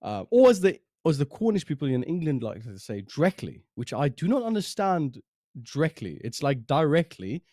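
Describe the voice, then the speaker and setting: A South African esports caster whose first language is Afrikaans banters and laughs between games in casual chat, speaking with a South African accent. His voice is fairly high and dark-toned, sing-song and fairly quick with few pauses. The studio sound is clean, with no echo.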